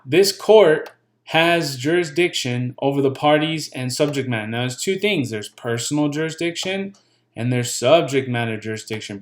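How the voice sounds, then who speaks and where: A man casually explaining legal paperwork, blunt and joking, repeating his points and swearing now and then. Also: medium pitch. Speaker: channel host giving legal pointers.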